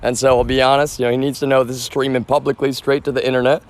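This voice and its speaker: A man's voice: medium pitch, little pitch movement, rapid-fire. A man live streaming outdoors from a front yard, talking to his viewers in an agitated, rambling way full of swearing. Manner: agitated, rambling, profane, addresses viewers as y'all.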